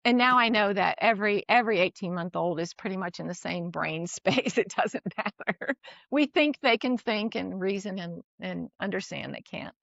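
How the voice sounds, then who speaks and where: A middle-aged woman, a guest, telling a personal parenting story in casual conversation. She talks in an animated way, often restarts her sentences and laughs between phrases. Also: medium pitch, moderate pace, creaky, no echo, highs cut off.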